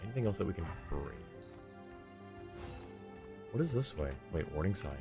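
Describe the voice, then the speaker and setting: A tired man casually commenting on a video game as he plays, laid-back and thinking out loud, with chuckling asides. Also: low voice, big pitch swings, normal speed, music in the background. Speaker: streamer.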